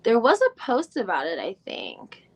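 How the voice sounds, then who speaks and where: A woman's voice: a little high, wildly swooping pitch, measured pace. Chatty woman rambling on a live stream. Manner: chatty, rambling, thinks aloud while searching online; mild swearing, frequent fillers. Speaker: podcast host doing a live recap. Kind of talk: casual live-stream chat.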